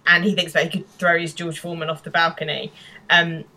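A British woman co-hosting a podcast, casually recapping a TV episode with animated quoted lines and laughter. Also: lowish voice, a little fast, rough recording. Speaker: podcast co-host.

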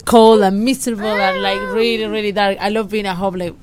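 A woman's voice: medium pitch, fairly even intonation, fairly quick, crowd noise. A woman from Spain with a Spanish accent, chatting casually and laughing often. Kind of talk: casual chat.

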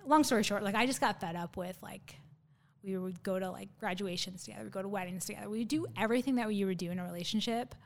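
A woman's voice: medium pitch, quick pace, gravelly. A woman in her thirties, a podcast guest, telling a personal story in a nervous, rambling way with many fillers and restarts. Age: 30s.

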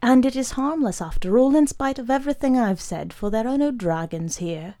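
A woman reading a story aloud, voicing a weary father who speaks softly to his frightened son. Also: fairly high pitch, expressive, normal speed, pitched above the performer's own voice. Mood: soothing. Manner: hushed and soft-spoken.

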